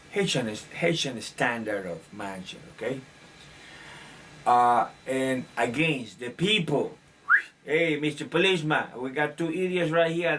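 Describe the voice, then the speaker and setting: A commentator rambles off-mic in a casual monologue about current events, opinionated and full of filler restarts. His mid-range voice is fairly bright, picked up by a distant mic with faint room ambience and a little hiss or hum.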